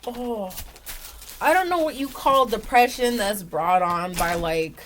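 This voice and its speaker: A young woman vlogging at home, low and teary, rambling with lots of "like". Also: slow, a bit bright, slight background noise. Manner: rambling, says "like" often. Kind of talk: casual confessional vlog.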